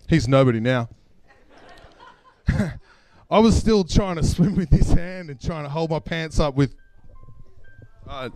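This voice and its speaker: A man's voice: fairly high pitch, smooth. A man with an Australian accent telling a personal story on stage at a live event, casual and self-deprecating, chuckling as he goes. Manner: casual, self-deprecating, laughs through lines. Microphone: stage microphone.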